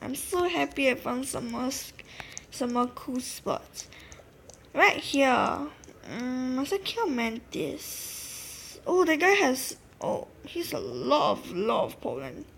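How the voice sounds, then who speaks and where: A woman giving casual, excitable commentary while playing a game, talking to her viewers and often gasping. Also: sits high, slow, creaky, slight background noise. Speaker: gameplay narrator.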